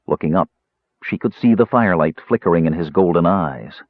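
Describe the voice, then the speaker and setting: A man narrates a novel in a low, husky voice, his pitch rising and falling in a lively way. His reading is expressive and dramatic. The recording is dry and close, with a slightly dull tone. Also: fairly quick, dry recording. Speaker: audiobook narrator. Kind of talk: scripted narration.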